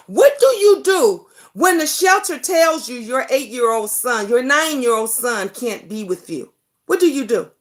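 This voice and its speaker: A woman's voice: sits high, lively intonation, unhurried. A woman hosting a livestream talk show, speaking fervently, swearing freely, addressing viewers by name, and hammering home repeated rhetorical questions. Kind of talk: impassioned casual livestream talk.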